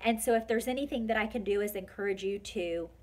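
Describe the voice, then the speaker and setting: A woman's voice: mid-range voice, fast, darkish tone. A woman in her forties talking heartfelt and tearful in a personal vlog, full of fillers. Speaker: vlogger.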